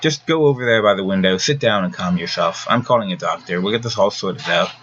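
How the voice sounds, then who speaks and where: A man voicing an impatient female hospital nurse who speaks in a clipped, brisk manner. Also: low-pitched, fairly bright tone, muffled recording, slight background noise.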